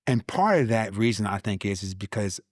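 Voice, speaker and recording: A man's voice: fairly low pitch, fairly quick, no room sound. Man telling a story, dry voice. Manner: animated storyteller who repeats words and plays out his own past lines. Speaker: guest, Army veteran. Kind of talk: testimony in a casual conversation.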